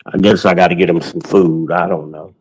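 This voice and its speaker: Low-voiced, boastful man. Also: fairly even intonation, brisk, darkish tone, breathy edge, rough recording. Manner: boastful, loose and joking, swears freely. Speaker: podcast host. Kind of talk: casual monologue to viewers. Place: walking through his own home.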